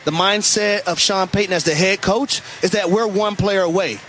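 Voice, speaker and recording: High-voiced emphatic football analyst man. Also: fairly even intonation, normal speed, fairly bright tone, slight background noise. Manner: emphatic, conversational breakdown. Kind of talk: radio sports commentary.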